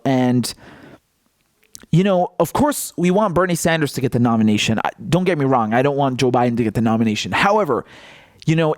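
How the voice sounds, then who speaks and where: A man gives political commentary in a raised, lively voice that leaps up and down in pitch. He mocks and laughs his way through his points. The sound is dry and close. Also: no echo. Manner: mocking, animated, laughs often. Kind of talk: casual commentary vlog.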